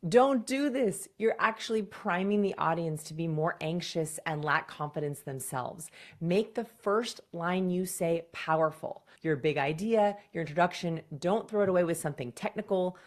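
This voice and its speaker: A woman's voice: fairly low pitch, expressive. A woman communication coach giving direct, punchy presentation advice in a scripted video. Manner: direct, punchy advice with quick acted examples.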